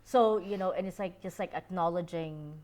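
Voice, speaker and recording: A woman's voice: on the low side, moderate pace, a little mellow. A woman from the Philippines co-hosting a podcast, chatting casually and rambling with lots of "like" and "you know". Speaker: podcast co-host. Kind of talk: casual chat.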